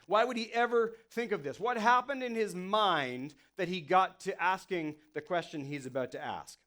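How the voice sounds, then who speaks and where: Man, pastor, fairly high voice; relaxed talky sermon, playfully acts out quotes. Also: moderate pace. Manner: conversational, lots of "you know" and "like". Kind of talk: casual sermon.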